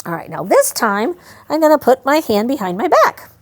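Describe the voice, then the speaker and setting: With faint music behind her, a woman whose high voice swings widely in pitch talks at normal speed through a hands-on service dog demonstration. She speaks directly to veterans, chatty and practical, and interrupts herself to give the dog short commands.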